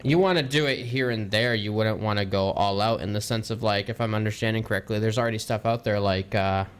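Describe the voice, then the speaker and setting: A man's voice: on the low side, fairly quick, clean tone. A man streamer answering questions in a casual voice chat, hesitant and full of fillers, on a headset mic. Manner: hesitant, thinks aloud with many fillers.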